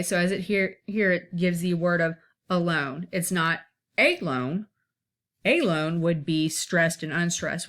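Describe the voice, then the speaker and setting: A woman's voice: on the low side, a bit bright. A woman teaching an informal one-take lesson, explaining step by step and checking in often to see that her listeners follow.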